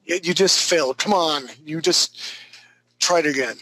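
A man's voice: on the high side, normal speed, sharp tone, dry recording, poor audio. A male drawing instructor running a live class. He talks through each step in an easygoing, joking way.

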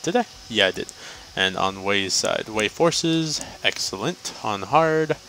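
Slow, rambling male gameplay commentator. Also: lowish voice, lively intonation, gravelly, pushed and bright, a little hiss or hum, low-quality recording. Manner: rambling, joking asides to himself. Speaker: gameplay guide host.

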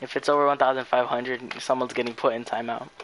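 A man's voice: medium pitch, flat delivery, quick pace, a bit bright, low-quality recording. A young man streaming a game live, talking casually and pleading in an exasperated way for his chat to stop spamming. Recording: faint background noise.

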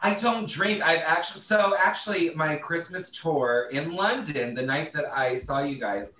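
A man's voice: on the high side, normal speed, sharp tone. A man, a drag performer guest, chatting on a video call with dry, self-mocking wit. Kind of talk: casual video call chat. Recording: distant roomy video call audio.

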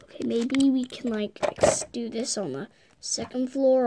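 A woman's voice: a little high, measured pace, noisy background. A girl hosting a casual video, narrating toy play in a chatty, giggly, rambling way. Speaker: video host.

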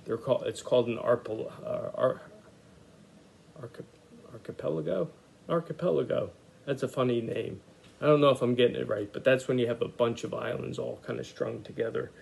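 A man teaches children an art lesson, narrating his lettering as he works and sounding out words for young readers. Relaxed and thinking aloud with frequent "uh" and "okay," he speaks fairly quickly in a medium-pitched voice with vocal fry.

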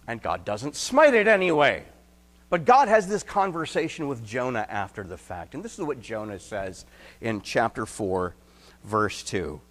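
A male pastor preaching an expository sermon, telling stories and acting out quotes, then dropping to quiet emphasis. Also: mid-range voice, unhurried. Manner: animated storyteller, acts out quotes, drops to quiet emphasis.

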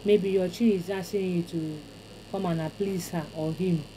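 Woman, Nigerian accent, spiritual teacher, mellow low voice, faint noise behind. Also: fairly even intonation, rough recording. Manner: chanting invocations, deliberate repetition. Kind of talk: instructional ritual teaching.

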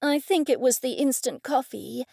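A frazzled young witch , voiced by a woman narrator, talks in a shrill, high voice. She exclaims excitably and sounds jumpy. The read is close-miked and dry. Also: moderate pace, vocal fry, no echo. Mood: alarmed.

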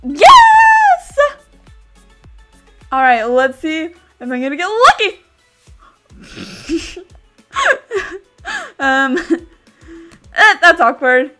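A woman giving casual commentary while playing a video game, excitable and chatty, bursting into squeals and screams. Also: high voice, very slow, long pauses, soft background music. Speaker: gaming YouTuber.

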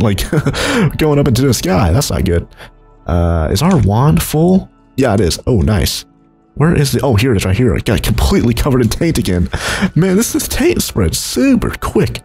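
A man's voice: wildly swooping pitch, moderate pace, darkish tone, breathy edge, soft background music. A young man narrating his Minecraft let's play, rambling and chuckling as he goes. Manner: rambling, chuckling, jumps between low mumbles and high exclaims. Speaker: gaming YouTuber.

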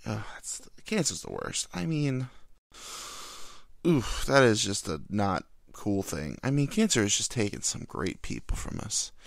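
A young man chats on his own podcast in a loose, rambling way, poking fun at himself. His pitch swings up and down a lot as he talks, and the sound is close and dry, with no room echo. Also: big pitch swings, unhurried, creaky. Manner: rambling, self-deprecating, jokey. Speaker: podcast host. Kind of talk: casual solo chat.

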